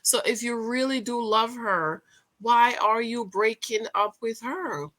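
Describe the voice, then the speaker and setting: A woman casually recapping a reality TV episode, chatty and emphatic, talking straight to her viewers and breaking into excited outcries. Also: fairly high pitch, unhurried. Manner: bursts into excited loud outcries. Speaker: TV show recap host.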